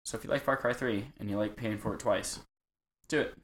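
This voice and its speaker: A man's voice: fairly low pitch, fairly quick. A man co-hosting a podcast, casually running through gaming news with profanity and easy banter. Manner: profane, laughing, reads out news items. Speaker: podcast co-host.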